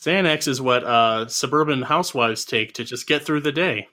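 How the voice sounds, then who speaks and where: A man's voice: medium pitch, moderate pace, sharp tone. A man co-hosting a casual podcast, recapping a movie from his notes with dry, wry humor. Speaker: podcast co-host.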